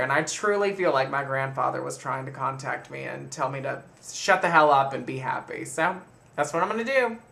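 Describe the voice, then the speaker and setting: A man casually telling a personal story to the camera in a chatty, animated way. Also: medium pitch, vocal fry. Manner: chatty, animated retelling with frequent laughs. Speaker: vlogger.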